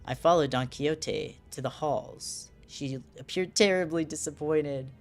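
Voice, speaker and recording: A young woman streamer with a low voice, chatting casually as she reads game text aloud. She slips in and out of character voices. Faint game music plays behind her. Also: a little slow.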